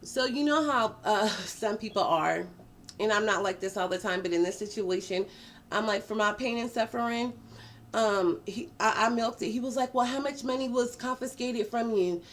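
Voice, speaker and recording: Woman doing a storytime, cussing a lot, animated, drags out words for drama, normal pitch. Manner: animated, profane, dramatic drawn-out emphasis. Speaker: vlogger. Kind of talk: casual storytime.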